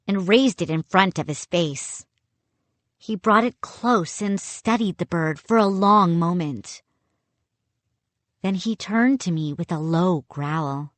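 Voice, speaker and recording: A woman narrating a spooky children's audiobook in an expressive, dramatic first-person reading. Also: on the low side, slow, dry recording. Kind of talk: scripted storybook narration.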